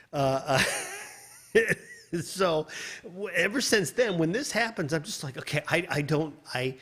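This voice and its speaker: A man's voice: sits high, fairly bright tone. A man, a composer giving casual feedback on listener submissions, rambling and swearing, laughing often and restarting his sentences. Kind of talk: casual livestream critique.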